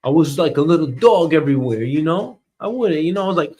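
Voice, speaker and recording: A man in his thirties hosting a comedic news monologue, ranting sarcastically and swinging between loud outbursts and mutters. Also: on the high side, animated, fast talker. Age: 30s. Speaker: host.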